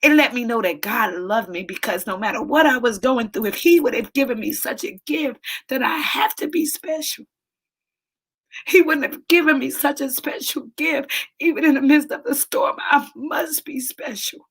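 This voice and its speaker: A woman's voice: sits high, moderate pace, a bit bright, breathy edge. Emotional woman giving an inspirational talk. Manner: preachy, emotional, repeats phrases for emphasis. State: emotional, near tears. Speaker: soul coach hosting a daily live show.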